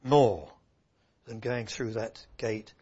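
A man's voice: lowish voice, slow pace, warm tone, slightly rough. A man preaching an earnest sermon, swelling and dropping his voice for emphasis. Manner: earnest, rising and falling emphasis. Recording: muffled lo-fi recording.

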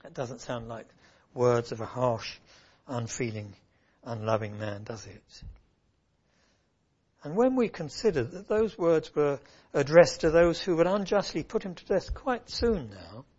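A man's voice: mid-range voice, sing-song, unhurried, darkish tone, husky. A man preaching an earnest sermon, swelling and dropping his voice for emphasis. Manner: earnest, rising and falling emphasis. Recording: muffled lo-fi recording.

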